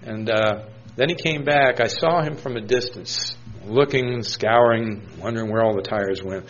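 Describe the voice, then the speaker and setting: A man's voice: lowish voice, unhurried, muffled recording. A man preaching a sermon in a conversational storytelling manner, quoting scripture. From New Hampshire, USA.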